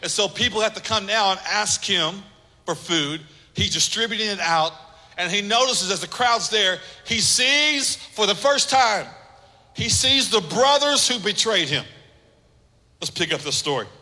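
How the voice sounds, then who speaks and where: Male pastor preaching with emphatic repetition, fairly high voice, big reverberant hall. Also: animated, a little slow, bright, forceful tone. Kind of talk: sermon.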